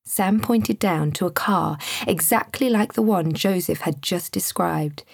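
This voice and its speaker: A woman narrating a children's storybook in a gentle, expressive way. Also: fairly low pitch, measured pace, creaky, breathy edge, no echo, studio quality.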